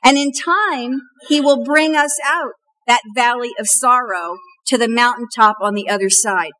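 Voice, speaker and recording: A middle-aged woman pastor preaching a sermon, retelling a story and slowing down for emphatic, repeated refrains. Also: on the high side, pushed and bright, rough recording.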